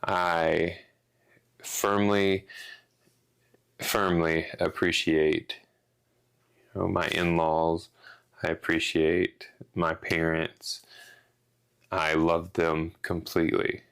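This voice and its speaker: A man's voice: deep voice, little pitch movement, drawn-out words, long pauses, a bit bright, clear, resonant tone. A man co-hosting a casual podcast, rambling through a rant with restarts and some swearing. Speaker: podcast co-host.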